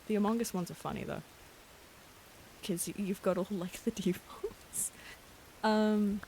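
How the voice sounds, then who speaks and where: A woman streaming a game late at night, chatting casually in a hushed voice, giggling and gushing over cute things. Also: mid-range voice, creaky, a little hiss or hum. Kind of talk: casual live-stream chat while gaming.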